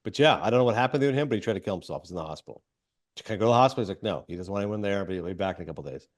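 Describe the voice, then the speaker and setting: Fast-talking man rambling through a film recap. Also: lowish voice, expressive. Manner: rambling, filler-heavy retelling with quick quoted asides. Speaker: podcast host.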